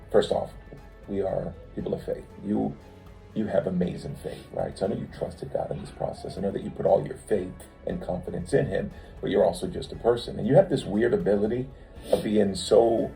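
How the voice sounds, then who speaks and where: Man, very dark mellow tone, gravelly, reflective, searching for words, faint background music. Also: fairly low pitch, poor audio. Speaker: co-host, her husband. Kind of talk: heartfelt personal conversation.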